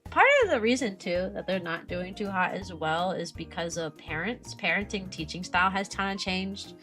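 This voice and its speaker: A young woman, a streamer who teaches kindergarten, chatting casually and animatedly about her work, often mimicking parents in a higher voice. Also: steady tone, normal speed, a bit bright, faint music behind. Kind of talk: casual chat.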